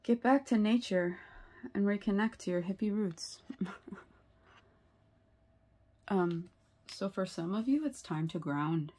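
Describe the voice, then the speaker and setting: A woman's voice: mid-range voice, animated, moderate pace, warm tone. A woman giving a tarot reading to her viewers, earnest and sympathetic, often asking "right?" and using fillers. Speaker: tarot reader.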